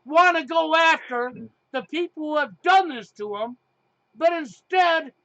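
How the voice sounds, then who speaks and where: A man's voice: extremely high pitch, measured pace, pushed and bright, no echo, muffled recording. A middle-aged man hosting a talk show, speaking emphatically and sarcastically with frequent swearing. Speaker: podcast host. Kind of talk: heated casual talk show chat.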